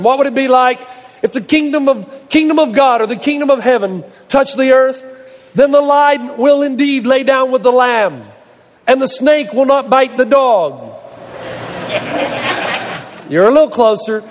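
A man's voice: very high-pitched, moderate pace, in a large hall. A man preaching a sermon as a pastor, delivering emphatic points and long repeated lists.

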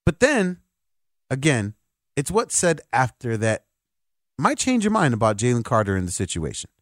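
A man's voice: mid-range voice, huge pitch swings, normal speed, no room sound, clean studio sound. A man hosting a sports talk radio show, giving opinionated, emphatic takes on the air.

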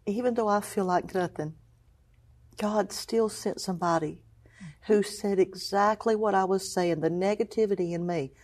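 A middle-aged woman telling her story of faith as an interview guest, acting out what people said, moving between hushed and excited tones. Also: medium pitch, moderate pace. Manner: storytelling, acts out quoted voices, swings from hushed to exclaiming. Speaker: guest, cancer survivor. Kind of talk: emotional personal testimony.

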